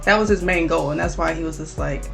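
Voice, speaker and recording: Woman, co-host, gravelly fry, hesitant filler-heavy recap, music underneath. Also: sits low, quick pace, fairly bright tone. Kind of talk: casual recap chat.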